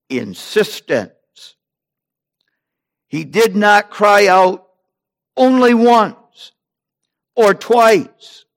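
A man preaching a sermon, slow and deliberate, rising in emphasis on repeated phrases. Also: high-pitched, a bit bright.

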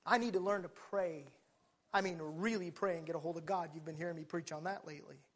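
Fiery high-voiced preacher. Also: male voice, fairly even intonation, a little fast. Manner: fiery, swings from quiet talk to shouting. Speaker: pastor. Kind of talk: sermon.

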